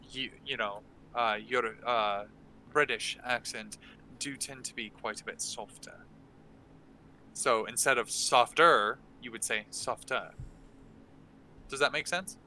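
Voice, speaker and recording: Slow, bright-voiced man giving tips. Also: medium pitch, clear, resonant tone, poor audio. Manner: halting, many fillers and restarts. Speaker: game master teaching a workshop. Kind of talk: casual instructional talk. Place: online stream.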